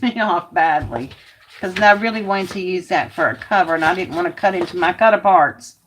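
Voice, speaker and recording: A woman with a fairly low voice hosts a relaxed craft chat, talking to her viewers and to herself as she works. She grumbles in an easygoing way, and a faint hiss sits under her voice. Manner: chatty, talks to herself while working, grumbles. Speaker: craft video host.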